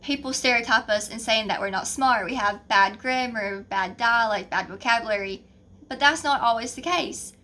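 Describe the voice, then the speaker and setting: A woman's voice: a little high, moderate pace, sharp tone. A young woman with a Southern American accent, narrating a class project in a chatty, informal way. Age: young adult. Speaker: student presenter.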